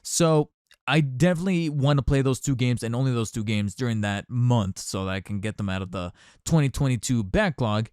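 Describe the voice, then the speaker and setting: A man hosts his own podcast in a loose, rambling, candid way, often circling back and restarting his thoughts. His voice is smooth and resonant. The recording is close and dry, with no room sound. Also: medium pitch, fairly quick, darkish tone, dry recording. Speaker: podcast host. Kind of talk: casual solo podcast commentary. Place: home recording setup.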